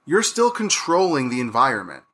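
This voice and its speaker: A man hosting a podcast, telling animated stories about his young daughter and acting out their exchanges. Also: mid-range voice, normal speed, husky. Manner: animated storyteller, acts out his daughter's lines. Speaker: podcast host. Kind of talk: podcast interview.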